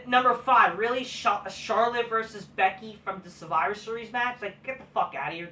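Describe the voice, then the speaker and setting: A man's voice: high voice, slight background noise. Profane ranting man, far off in an echoey room. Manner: scornful, swearing, rising to yelling. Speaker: wrestling commentary vlogger. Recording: roomy echo, far from the mic.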